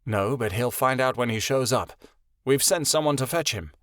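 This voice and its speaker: A man voicing an older high priest and grandfather who speaks steadily and kindly, firm when challenged. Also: moderate pace, a bit bright, no room sound, clean studio sound, lightly acted. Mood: steady.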